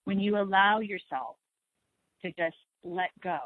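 A woman's voice: mid-range voice, a little slow, no room sound. Soothing woman host on a phone line. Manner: gentle, repetitive, reassuring. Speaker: spiritual talk show host. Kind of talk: slow soothing talk on meditation and letting go.

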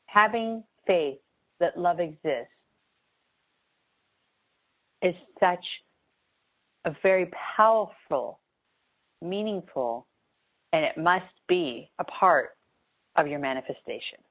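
A spiritual coach delivers an earnest, emphatic motivational talk about manifesting, repeating key phrases to drive them home. Her voice sits fairly low and is expressive, and she speaks slowly with frequent pauses. The audio sounds tinny, like a phone.

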